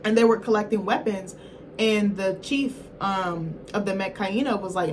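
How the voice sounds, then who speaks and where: A woman's voice: mid-range voice, normal speed, slight background noise, low-quality recording. A woman vlogger giving a casual, rambling film review, swearing freely and acting out characters in quotes. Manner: chatty, profane, acts out characters in quotes; rambling, self-correcting, apologetic asides.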